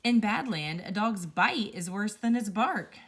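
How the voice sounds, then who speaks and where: Lively woman reading a children's story. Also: mid-range voice, unhurried. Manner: expressive, playful storytelling. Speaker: storybook reader. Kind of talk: children's story read-aloud.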